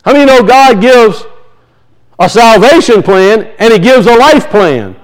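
A middle-aged male pastor with a notably high-pitched voice delivers a sermon. He keeps pressing the congregation with rhetorical questions, building and releasing emphasis as he preaches. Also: lively intonation, unhurried, poor audio.

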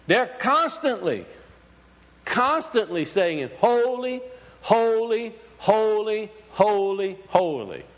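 Here a man with a high-pitched, fairly bright tone preaches to a congregation. He speaks loosely, with plenty of fillers and restarts, frequently asking the audience questions, and the hall adds a long reverb.

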